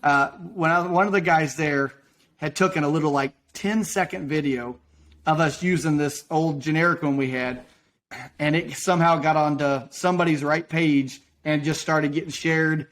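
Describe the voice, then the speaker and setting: A man's voice: a little high, fairly even intonation, a bit bright. A man guesting on a podcast, telling a rambling folksy story about his work in casual talk. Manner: folksy, rambling, quick to act out quotes. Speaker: podcast guest, roofing business owner.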